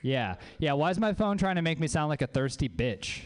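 A man's voice: fairly high pitch, big pitch swings, brisk. A man from Louisiana doing a stand-up comedy set on a club stage, dry and self-mocking, with crude asides.

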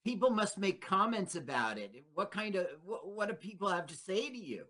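A man hosts a comedy interview, asking his guest questions and adding short, encouraging remarks. His pitch rises and falls a lot as he talks. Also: sing-song, moderate pace, pushed and bright. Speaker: comedy show host.

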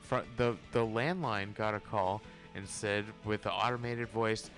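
A man co-hosting a casual talk show, throwing in short quips and halting asides. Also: lowish voice, fairly even intonation, fairly bright tone, soft background music. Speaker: podcast co-host. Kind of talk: casual chat.

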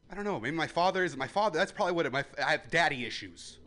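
A man in his twenties doing a stand-up comedy set, ranting loudly at the crowd and then dropping to a mutter. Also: a little high, lively intonation, racing, hardly any pauses, slight background noise. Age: 20s. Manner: loud ranting crowd work, swings between yelling and muttering.

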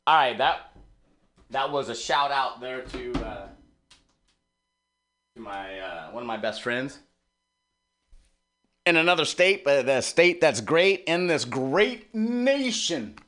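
Male radio host, middle-aged, rambling and profane, speaking in a middle-pitched voice. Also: sing-song, slow, pauses often, a bit bright. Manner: rambling, swearing, heartfelt. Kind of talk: rambling personal monologue.

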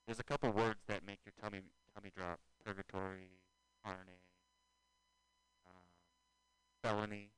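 Lowish guy cracking jokes and wandering off topic, smooth voice, dry close sound. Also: level tone, a little slow, long pauses, a bit bright, no room sound, rough recording. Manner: loose, joking, drifting between topics. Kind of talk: rambling casual chat.

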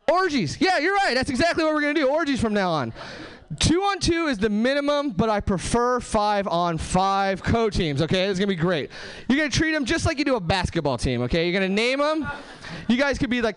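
Male stand-up comic, club stage, high lively delivery, crisp voice. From Southern California. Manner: animated, bouncing between voices and asides to the crowd. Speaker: stand-up comedian. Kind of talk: stand-up set.

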